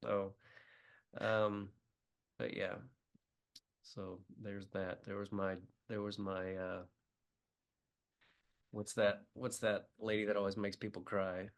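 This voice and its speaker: A man's voice: lowish voice, flat delivery, slow pace, creaky, long pauses. A middle-aged man from the Midwest, a comedian talking as a podcast guest, telling emotional stories with many fillers. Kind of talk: casual interview chat.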